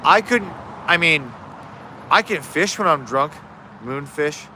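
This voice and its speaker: Hosting a casual fishing livestream from his yard, a man rambles through viewer questions in a live Q&A chat, restarting often. His voice is fairly high, expressive, bright, and forceful, and he speaks slowly, with slight background noise.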